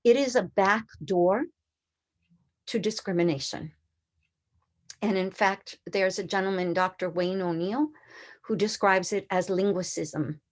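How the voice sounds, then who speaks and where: A woman's voice: mid-range voice, a little slow, long pauses. Female presenter, 60s, non-native English speaker, earnest and emphatic conference talk, mid-range voice. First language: a language other than English. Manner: earnest, emphatic, poses rhetorical questions. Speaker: educator presenting a conference session.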